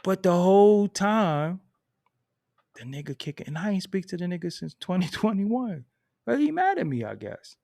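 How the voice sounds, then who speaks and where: A man's voice: sits high, big pitch swings, moderate pace, vocal fry, warm tone, no room sound, clean studio sound. A man telling a story in a casual, profane and emphatic way, laughing between lines.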